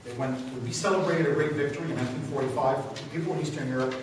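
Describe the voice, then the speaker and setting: A man who hosts a radio talk show speaks to a meeting. He tells stories with passion and rises to loud exclamations. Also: mid-range voice, fairly even intonation, racing. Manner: impassioned storyteller, rising to loud exclamations. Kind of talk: speaking to a meeting, answering questions. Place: meeting room. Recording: echoey hall, speaker far from mic, faint noise.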